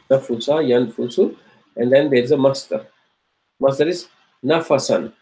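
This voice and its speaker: A man with a warm, medium-pitched voice lectures on Arabic grammar in a rough-sounding recording. Each word gets slow repetition, and he checks his students' understanding with questions.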